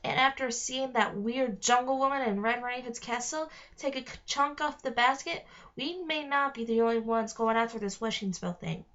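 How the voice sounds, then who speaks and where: A young boy, blunt and anxious, voiced in a higher register by a woman reading aloud. The sound is dull, like a home recording. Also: moderate pace, fairly bright tone, close to an everyday voice. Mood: worried. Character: twin boy Connor, worried and blunt.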